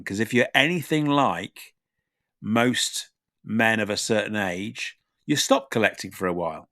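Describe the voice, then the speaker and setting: Podcast host, lowish voice, rambles and restarts a lot, dry sound. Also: male voice, lively intonation, a little slow, a bit bright, no echo. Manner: rambling, self-deprecating. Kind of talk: casual chat.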